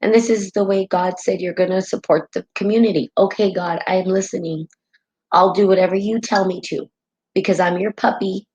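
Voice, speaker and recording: A woman's voice: mid-range voice, steady tone, moderate pace, darkish tone, rough recording. A woman hosting a spiritual live stream in casual talk, heartfelt and rambling, often tagging her sentences with "right?", and tearful at times.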